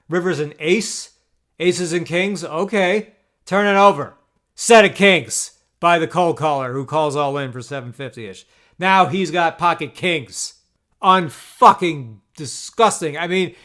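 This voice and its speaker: A man with a slightly high voice, recapping poker hands in a casual monologue, venting with frustration and lots of swearing. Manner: frustrated, profane, animated venting. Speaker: poker vlogger.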